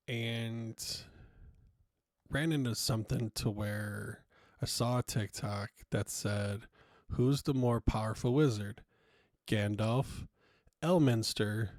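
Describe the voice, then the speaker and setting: A man's voice: on the low side, dry recording, clean studio sound. A man hosting a podcast, talking through a loose, frank monologue with casual swearing and many fillers. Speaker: podcast host.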